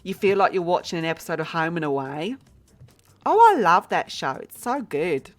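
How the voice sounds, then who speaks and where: Chatty woman streamer with a lively, low voice. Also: normal speed, faint music behind. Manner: chatty and blunt, talks to herself while building. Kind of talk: casual gameplay commentary.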